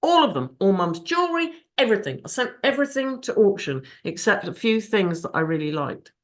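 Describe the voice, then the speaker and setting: A woman's voice: medium pitch, sing-song, fairly quick. A middle-aged woman giving a candid, emotional recovery share over a video call, swearing freely. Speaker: speaker at a recovery fellowship meeting.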